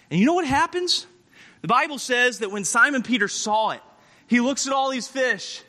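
A male preacher tells a Bible story like a performer, jumping between narration and the voices of the people in it, now low and weary, now shouting. His voice sits high and is piercingly bright. A long hall echo trails every phrase. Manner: acts out Bible characters with shifting voices, shouting at peaks. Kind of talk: animated sermon storytelling.

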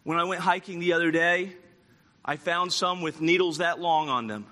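A man preaching a sermon, telling a story dramatically and acting out quoted lines, moving between loud passages and hushed ones. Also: a little high, moderate pace.

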